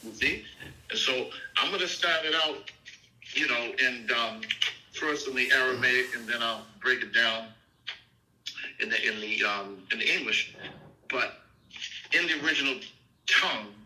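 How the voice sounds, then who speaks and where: Male minister, informal Bible teaching, emphatic and repetitive, bright tone. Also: medium pitch, unhurried, pauses often, low-quality recording. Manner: emphatic, repeats "okay?" and "you see?".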